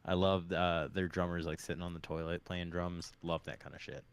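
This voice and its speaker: A man's voice: low-pitched, little pitch movement, fairly quick, smooth. A man hosting a casual live-streamed gaming podcast, loose and joking as he rambles through the intro. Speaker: podcast host.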